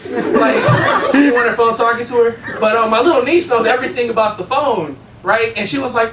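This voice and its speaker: A man's voice: extremely high pitch, quick pace, hardly any pauses, a bit bright. A young man performing a casual, profane stand-up comedy set, telling rambling stories on stage. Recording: roomy, distant, noisy live room. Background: audience laughter.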